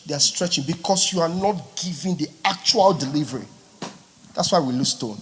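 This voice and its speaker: A man, teaching a live singers' workshop as a vocal coach, teasing and lively. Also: on the high side, brisk, slight background noise. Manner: animated, teasing, mixes in pidgin. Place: large hall at a live boot camp. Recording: long hall reverb.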